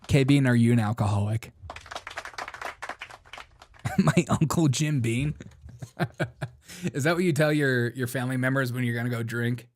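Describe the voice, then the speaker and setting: A man hosts a live stream in a casual, slangy way. He laughs often and mocks what he reacts to, at an ordinary male pitch. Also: fairly even intonation, brisk. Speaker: live-stream show host.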